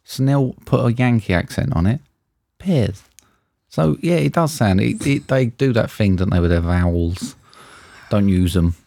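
A man's voice: on the low side, moderate pace, vocal fry, dry recording. A man co-hosting a podcast, telling stories in casual banter and swearing freely. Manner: banter-heavy, swears freely, lively storytelling. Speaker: podcast co-host. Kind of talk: casual chat.

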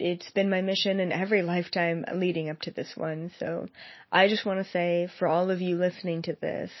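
A woman's voice: lowish voice, no echo. A young woman who works as a psychic, speaking earnestly and a bit rambling to her viewers with lots of fillers. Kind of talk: personal monologue to viewers. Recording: slightly muffled, dry sound.

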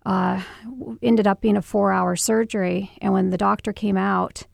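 A middle-aged mother in an interview, recounting a painful memory in a halting, emotional way with many restarts. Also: medium pitch, fairly even intonation, creaky, dry recording, clean studio sound. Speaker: guest, mother. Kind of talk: personal storytelling interview.

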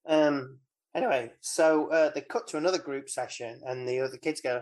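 Podcast co-host, casual film recap, rambling, playful asides, middle-pitched voice. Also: fairly even intonation, moderate pace, darkish tone. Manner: rambling, mimics film lines.

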